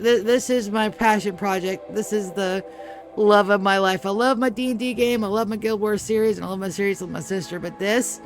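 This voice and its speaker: A woman streamer in casual live-stream chat, groggy with her morning voice, rambling, swearing freely and chatting to her cat. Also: medium pitch. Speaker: game streamer.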